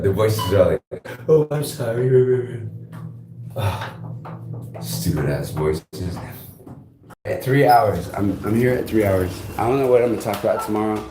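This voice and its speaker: A man vlogging on a live stream. He rambles restlessly and swears often, jumping between loud outbursts and low mutters. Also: background noise.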